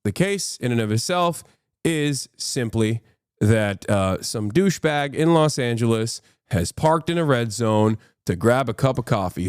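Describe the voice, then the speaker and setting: A man's voice: medium pitch, animated, moderate pace, clean tone, no room sound, clean studio sound. A man giving casual livestream commentary as a political streamer, rambling and profane with frequent restarts.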